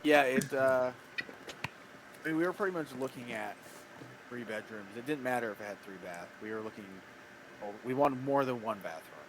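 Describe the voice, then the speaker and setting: Dry deadpan male co-host, mid pitch, steady noise in the room. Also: moderate pace, pauses often. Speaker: podcast co-host. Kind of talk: casual comedic banter.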